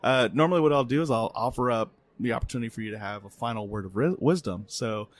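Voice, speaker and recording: A middle-aged man hosting a podcast, telling a family story in an animated, laughing way at a conference. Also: mid-range voice, quick pace, dry recording. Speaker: podcast host. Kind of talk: casual interview chat. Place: conference venue.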